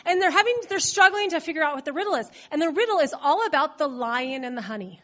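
Casting: high-pitched woman preacher with a cold, humorous, chatty sermon delivery. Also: expressive, fast talker, bright, forceful tone. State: has a cold. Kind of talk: conversational sermon.

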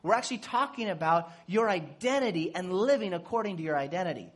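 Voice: medium pitch, fast. A parent giving a casual sermon, acting out quoted dialogue and joking while teaching. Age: adult with children. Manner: animated, acts out quoted dialogue; jokes and laughs while teaching.

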